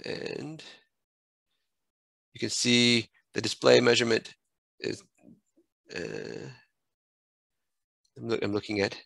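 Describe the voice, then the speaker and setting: A man giving a screen-recorded software tutorial, thinking aloud and correcting himself as he clicks through menus at a desk microphone. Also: medium pitch, steady tone, slow, gravelly, long pauses, dry recording, low-quality recording.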